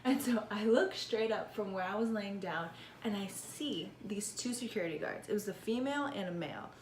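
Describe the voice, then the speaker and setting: A woman's voice: mid-range voice, lively intonation, normal speed, a little hiss or hum. A young woman vlogger telling a casual storytime, chatty, swearing often and laughing between lines. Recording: echoey room.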